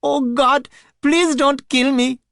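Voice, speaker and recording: A woman's voice: medium pitch, a little slow, no echo, studio quality, voice pushed up, lightly acted. A woman voicing a frightened, sobbing man who stammers as he talks. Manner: whimpering, stammering.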